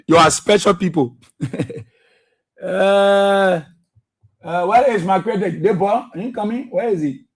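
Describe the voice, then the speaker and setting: A man's voice: sits high, fairly bright tone. A man hosting a political radio talk show, impassioned and repetitive, firing rhetorical questions and laughing often.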